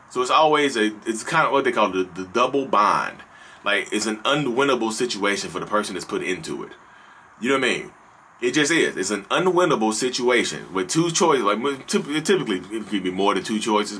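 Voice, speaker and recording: A man's voice: mid-range voice, bright, forceful tone, a little hiss or hum. A man with a Southern North Carolina accent giving an earnest, conversational to-camera talk, repeating himself and speaking straight to his listeners. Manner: earnest, repetitive, conversational, addresses listeners directly. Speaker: vlogger discussing narcissism. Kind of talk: casual to-camera monologue.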